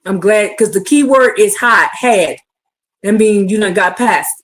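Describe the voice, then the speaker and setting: A woman preaching a fervent livestream sermon, swinging from hushed to shouting as she calls out to her listeners. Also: medium pitch, measured pace.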